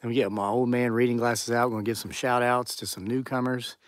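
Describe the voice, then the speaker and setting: A man's voice: mid-range voice, fairly even intonation, fairly quick, dry recording. A man hosting a live stream outdoors at dusk, chatting casually and reading viewer comments aloud. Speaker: channel host on a live stream. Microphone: phone or camera on a tripod.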